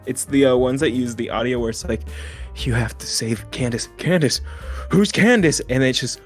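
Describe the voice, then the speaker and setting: A man co-hosting a casual podcast, laughing often and acting out quoted lines in loud, high voices. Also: flat delivery, fairly quick, soft background music. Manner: laughs a lot, acts out quoted voices loudly. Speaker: podcast co-host. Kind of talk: casual chat.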